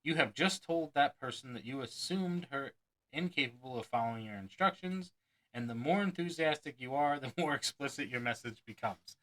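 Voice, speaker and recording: A man with a bright, ringing voice reads a magic book aloud. He chuckles often and drops in his own asides between passages. When quoting, he puts on mock enthusiasm. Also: mid-range voice, lively intonation, normal speed, poor audio. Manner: acts out quoted lines with mock enthusiasm. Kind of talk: reading aloud with commentary.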